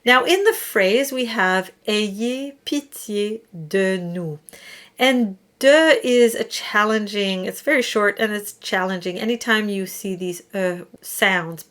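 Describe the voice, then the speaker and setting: A woman teaching singers diction, explaining patiently and slowing down to demonstrate words. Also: medium pitch, fairly bright tone. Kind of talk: instructional explanation.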